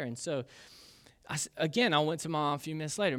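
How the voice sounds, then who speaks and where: A man's voice: fairly high pitch, lively intonation, normal speed, fairly bright tone. A man in his thirties, a pastor preaching a casual, conversational sermon full of personal stories and fillers. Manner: conversational, self-deprecating, with frequent fillers.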